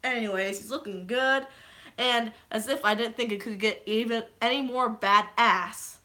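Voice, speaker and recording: A young woman recapping a movie on a live stream, rambling and swearing freely, with sudden excited shouts. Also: on the high side, moderate pace. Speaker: vlogger.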